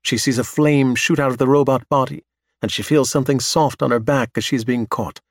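A man narrating a science fiction audiobook in a steady, measured manner. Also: mid-range voice, no room sound, clean studio sound. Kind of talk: scripted narration.

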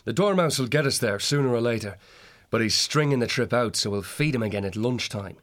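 A male audiobook reader voicing a gruff, shrewd male otter warrior who speaks in a plain, rough-edged dialect. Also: mid-range voice, animated, a little fast, fairly bright tone, voice pushed up, natural voice.

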